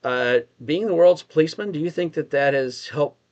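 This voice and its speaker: A man's voice: fairly high pitch, expressive, normal speed, a little mellow, dull audio. A man with a Texas accent co-hosting a casual political discussion, thinking aloud, restarting sentences and asking questions. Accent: Texan. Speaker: podcast co-host.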